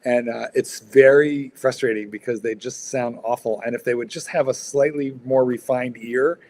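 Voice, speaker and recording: A man's voice: mid-range voice, fairly even intonation, normal speed, darkish tone, slight background noise. A man hosting a livestream in casual chat, rambling and blunt, swearing freely with lots of fillers. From United States. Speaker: livestream host.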